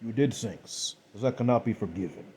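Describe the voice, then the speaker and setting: A man voicing a calm, cold, contemptuous killer who speaks slowly and with measured mockery. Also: lowish voice, slight background noise, lightly acted. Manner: slow, measured, coldly mocking.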